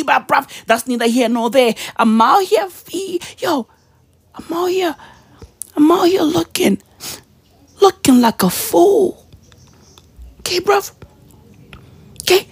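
Woman, comic rant, slangy and profane, slow delivery, dry close sound. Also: high voice, animated, vocal fry, no echo. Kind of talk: comedic rant to camera.

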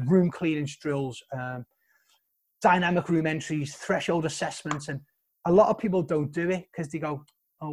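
A man with a Liverpool accent, a soldier and podcast guest, telling his story bluntly with plenty of swearing and emphatic praise. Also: a little high. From Liverpool, England.

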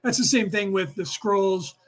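A middle-aged man from the San Francisco Bay Area who talks in a rapid, rambling rush as he hosts a casual spiritual lecture for his podcast. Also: high voice. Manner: rapid, rambling, restless delivery. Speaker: podcast host teaching a class.

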